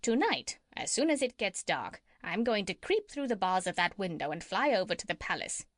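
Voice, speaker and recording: A clever, bossy parrot who talks briskly and sure of herself, put on by a woman reading a storybook. The voice sits in a middle range and sounds close and dry. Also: mid-range voice, very animated, no room sound, lightly acted. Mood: scheming. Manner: brisk and self-assured.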